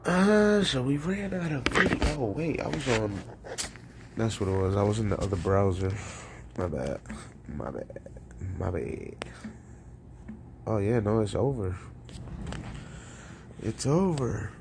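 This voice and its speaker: A man's voice: mid-range voice, animated, moderate pace, pauses often, noisy background. A man hosting a call-in livestream, rambling casually with profanity and frequent laughter. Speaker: call-in show host.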